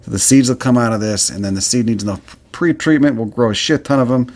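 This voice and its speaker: A man's voice: medium pitch, fast talker, a little mellow. A man hosting a solo podcast, ranting in a heated, profane, worked-up way while talking about a plant he is looking at. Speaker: podcast host. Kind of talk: casual solo podcast rant.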